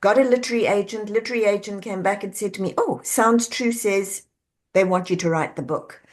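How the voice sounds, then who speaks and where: A middle-aged woman, an executive coach and author, talking as a podcast guest, telling animated stories and acting out quoted voices with easy laughter. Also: mid-range voice, fairly quick. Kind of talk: conversational podcast interview.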